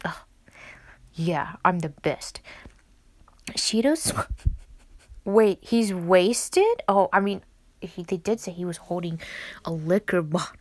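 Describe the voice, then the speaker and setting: Young woman reader, giggly asides, middle pitch, dry close sound. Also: a little mellow, no room sound. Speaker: game story reader. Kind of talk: casual reading with commentary.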